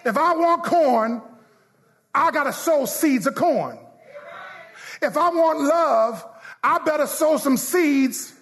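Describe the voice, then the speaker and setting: High, lively shouting preacher man. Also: takes it slowly, long pauses. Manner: preaching with call-and-response, half-singing and shouting. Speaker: pastor. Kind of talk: sermon.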